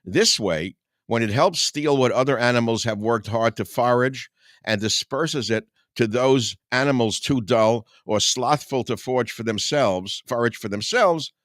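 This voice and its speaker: A man's voice: medium pitch, measured pace, a bit bright, dry recording, studio quality. An older man, a talk host, reading his own satirical writing aloud with combative, sarcastic asides and chuckles.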